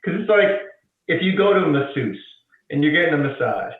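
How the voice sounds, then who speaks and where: A man's voice: on the high side, animated, a little fast. A man joining a podcast as a guest, thinking aloud hesitantly and groping for words. He sits well back from the mic in a very echoey room. The audio is dull and carries a faint hiss. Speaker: guest filmmaker. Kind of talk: casual comedic chat. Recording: distant, roomy, muffled remote audio with hiss.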